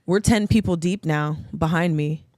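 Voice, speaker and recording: A woman's voice: deep voice, moderate pace, a little mellow, no echo, studio quality. A woman co-hosting a podcast in casual chat. She tells a story with lots of energy and acts out what other people said. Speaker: podcast co-host.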